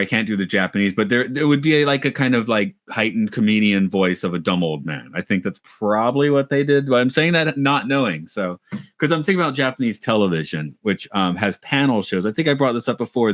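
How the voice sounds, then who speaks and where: A man's voice: fairly low pitch, a bit bright, no echo, clean studio sound. A man in a casual podcast chat who rambles, restarts his thoughts and thinks aloud. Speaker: podcast co-host. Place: lives in Japan.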